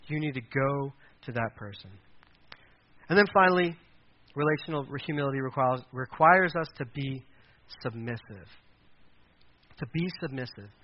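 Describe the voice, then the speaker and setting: A man's voice: a little high, dull audio. A pastor preaching a sermon in a conversational way, acting out quoted voices as he goes.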